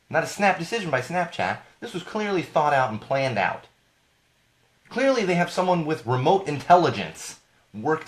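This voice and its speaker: A man hosting a live podcast, rambling and indignant in a casual rant, his voice going hoarse. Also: medium pitch, a bit bright. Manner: rambling, indignant, self-correcting. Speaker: podcast host.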